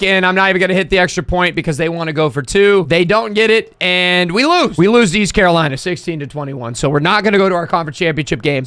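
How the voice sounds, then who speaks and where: A young man giving excitable let's-play commentary on a football game, yelling at big moments and talking in casual slang. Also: high-pitched, clear, resonant tone, no echo. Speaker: gaming YouTuber.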